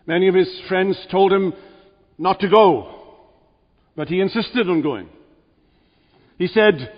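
Guy preaching a sermon in church, slightly high voice, slow and deliberate, rises to emphatic bits, dull recording with long church reverb.

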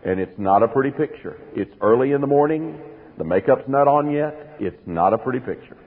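A man's voice: mid-range voice, expressive, a little fast, breathy edge. A man preaching a sermon in an earnest, emphatic teaching manner, asking his listeners rhetorical questions. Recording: phone-like radio broadcast in a reverberant hall.

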